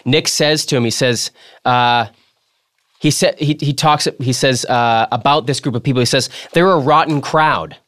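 A man hosting a casual book-club podcast, earnest and thoughtful, with halting restarts. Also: mid-range voice, fairly bright tone. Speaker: podcast host.

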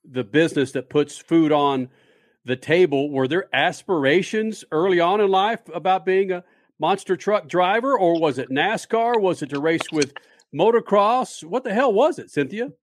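A man hosting a motorsports radio show, interviewing a guest in a jokey, energetic way. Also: high voice, normal speed, no room sound, studio quality.

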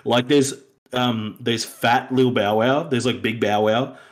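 A man chatting casually as a podcast co-host, rambling and animated, acting out lines he imagines characters saying. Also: mid-range voice, normal speed. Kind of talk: casual film review chat.

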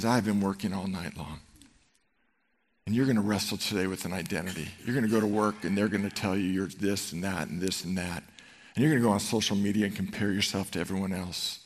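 A man's voice: low voice, brisk. A man in his fifties preaching a sermon to a congregation, telling stories and acting out the scenes in them. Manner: animated storytelling, acts out scenes. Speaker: pastor. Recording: long hall reverb.

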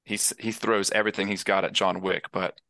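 Gravelly man recapping a movie, bright tone. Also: deep voice, level tone, a little fast, no room sound. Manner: rambling, enthusiastic recap with restarts. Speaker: podcast co-host. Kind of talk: casual movie discussion.

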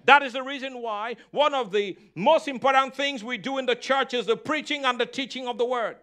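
High, bright-voiced preacher man. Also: fairly quick. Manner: call-and-response preaching, repeats phrases. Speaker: pastor. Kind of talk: sermon.

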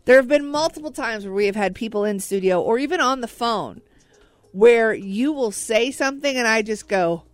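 Lady radio co-host ribbing her partner, bouncy high-ish voice, dry close mic. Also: animated, normal speed, no echo, soft background music. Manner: teasing, laughs often, mimics others. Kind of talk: casual studio chat. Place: radio studio.

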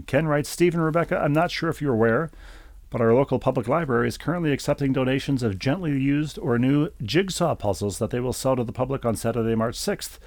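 A man's voice: mid-range voice, darkish tone, no room sound. A man co-hosting a podcast, reading listener emails aloud with dry, wry asides in casual chat.

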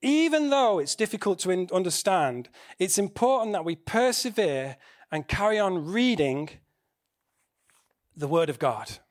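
A man's voice: sits high, very animated, measured pace. A man preaching a sermon in a conversational way, asking the congregation questions.

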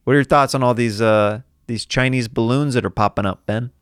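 A man's voice: medium pitch, brisk, smooth, no echo, clean studio sound. A man hosting a casual comedy podcast, rambling and joking and laughing often. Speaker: podcast host.

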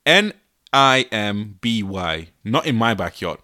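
A man's voice: lowish voice, very animated, takes it slowly, bright, forceful tone. A man in his twenties hosting a solo podcast from his bedroom, laughing often and sounding exasperated. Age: 20s. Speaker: podcast host.

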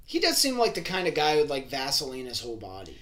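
A man's voice: medium pitch, huge pitch swings, fast, a bit bright. A man co-hosting a casual podcast, chiming in with dry, teasing jabs. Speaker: podcast co-host.

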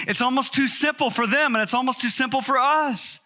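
Man, pastor, emphatic sermon, very bright sound. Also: very high voice, a little fast, few pauses. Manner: emphatic preaching, rising to loud peaks.

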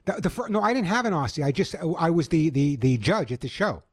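A man's voice: a little high, big pitch swings, fast, a little mellow. A middle-aged man hosting a call-in pet radio show, chatty and enthusiastic with a joking manner.

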